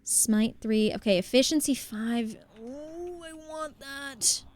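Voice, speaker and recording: A woman's voice: high voice, takes it slowly, darkish tone. A young woman live-streaming a game in a casual chat, thanking viewers by name and thinking aloud as she plays.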